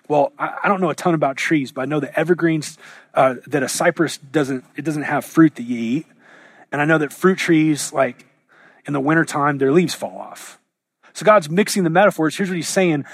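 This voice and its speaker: A man preaching a sermon in a conversational way, paraphrasing God's words in everyday speech and slowing down to stress key lines. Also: a little high. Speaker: pastor.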